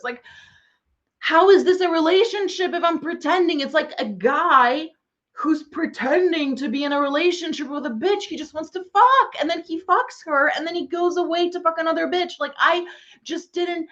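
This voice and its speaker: A woman's voice: high voice, normal speed, highs cut off. A woman ranting in a monologue as an online business coach, sarcastic, swearing freely and mocking other people in exaggerated voices.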